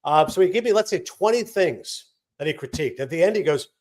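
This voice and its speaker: A man who works as a sports broadcaster, telling anecdotes as an interview guest in a casual, animated way. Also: sits high, a little hiss or hum. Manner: rapid, animated anecdotes with acted-out quotes.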